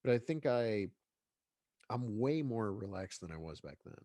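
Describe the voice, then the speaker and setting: Congested man with a lowish voice. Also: animated, a little slow, dark tone, no room sound. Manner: rambling, with many restarts and fillers. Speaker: guest filmmaker. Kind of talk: casual interview chat.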